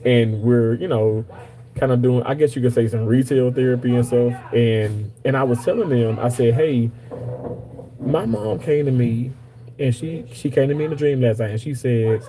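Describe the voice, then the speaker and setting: A man in his thirties speaks to his live audience in a relaxed, mellow voice. He tells a personal story in loose, chatty bursts, repeating words for emphasis. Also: mid-range voice, moderate pace, poor audio. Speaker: streamer talking to viewers. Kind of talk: casual live chat.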